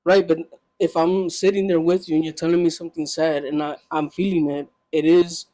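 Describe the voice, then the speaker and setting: A man's voice: on the high side, flat delivery, fairly quick, mellow, no room sound. A man as a podcast guest, talking bluntly in casual chat and pushing back with questions.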